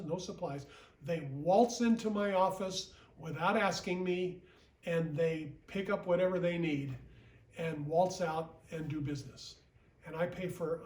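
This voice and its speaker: A man with a fairly high voice coaches a sales team. He talks plainly, comes back to the same points and keeps checking in with "okay?". The sound is roomy and echoing, picked up from some distance, with a faint hum of background noise. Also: a little mellow. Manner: plain-spoken, repeats points, often asks "okay?". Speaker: sales trainer and regional vice president. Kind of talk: recorded sales training talk. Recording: echoey room, mic at a distance.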